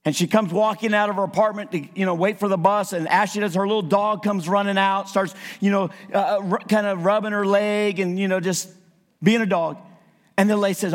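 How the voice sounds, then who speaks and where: A man preaching a sermon as a visiting evangelist, animated and acting out quotes in his stories. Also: high-pitched, fairly quick. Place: church. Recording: church sanctuary with long reverb.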